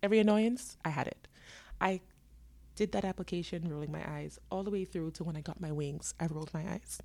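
Dramatic, laughing woman in her twenties. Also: on the low side. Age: 20s. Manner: dramatic and animated, laughing often; voices herself and others in quick asides. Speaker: vlogger. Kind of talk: storytelling to camera.

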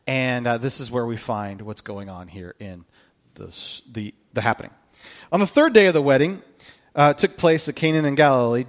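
A man preaching a sermon, telling the story in an animated way, with jokey asides and acted-out quotes. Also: fairly high pitch. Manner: acts out the quoted lines. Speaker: pastor.

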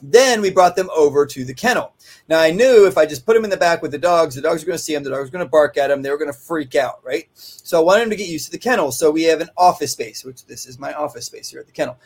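A dog trainer in a kennel office talks casually and rambles through instructions, frequently tacking "right?" onto his sentences. His husky voice is on the high side and moves at a quick pace.

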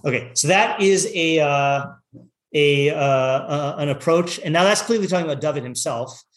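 A man teaching a relaxed weekly text class to students, reading translations aloud and explaining them with many pauses, fillers and restarts. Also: fairly high pitch. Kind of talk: informal text study class.

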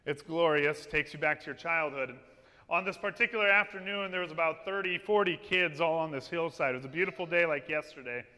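A man preaching a sermon, telling stories with lively energy and asking his congregation "amen?". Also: a little high, a little fast. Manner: lively storytelling with call-and-response "amen?". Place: church. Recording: long reverb of a church hall.

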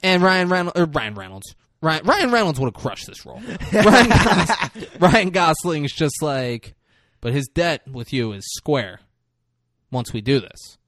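Speaking a little slowly with big swings in pitch, a man with a fairly high, slightly bright voice co-hosts a podcast. He casually and crudely walks through a movie's plot, putting on character voices, in a dry, studio-quality recording.

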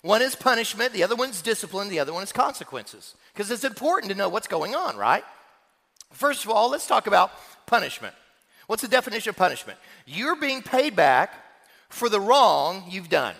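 A man preaches from the pulpit with a high, gravelly voice that swoops up and down as he drives each point home. His bright, forceful tone carries through the long reverb of a large church sanctuary. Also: very animated, normal speed. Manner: preaching with personal stories and rhetorical questions. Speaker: pastor. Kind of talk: sermon.

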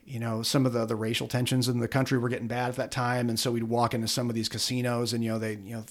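A middle-aged police officer recounts a hard experience to an interviewer in plain conversation. His delivery is earnest and halting, with frequent fillers and repeated starts. His voice sits at an ordinary middle pitch. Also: flat delivery. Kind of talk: conversational interview, personal story.

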